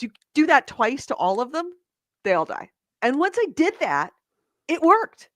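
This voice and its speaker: A woman co-hosting a casual gaming podcast over a call, animated and swearing freely as she tells stories. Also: sits high, moderate pace, dry recording, clean studio sound. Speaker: podcast co-host. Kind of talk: casual chat. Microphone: remote call mic with echo cancellation.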